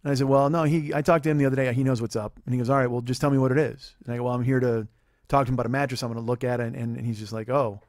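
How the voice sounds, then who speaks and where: A man's voice: mid-range voice, fairly even intonation, rapid-fire, a little mellow, no room sound, studio quality. A man in his forties, a podcast host, telling a rambling, profane, self-deprecating comedic story. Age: 40s.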